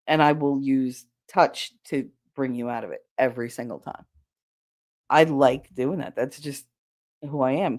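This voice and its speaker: A woman hosting a podcast and chatting casually. She tells stories in a low voice, swears freely and slips into the voices of people she quotes. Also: a little mellow. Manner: candid and profane, acts out quoted lines. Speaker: podcast host. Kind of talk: casual storytelling chat.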